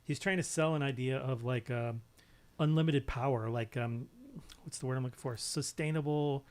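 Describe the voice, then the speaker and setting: A man co-hosts a live chat show from his home, joking and wandering off on tangents as he stumbles over words. His voice sits at an ordinary middle pitch. He keeps the tone loose and playful throughout. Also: normal speed, a little mellow, clean tone. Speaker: co-host. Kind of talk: casual chat.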